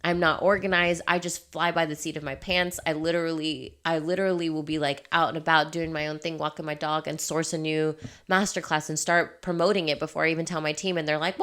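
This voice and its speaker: A woman's voice: deep voice, level tone, brisk, fairly bright tone. A woman coaching in a candid motivational monologue, emphatic and laughing often, swearing freely. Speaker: life coach.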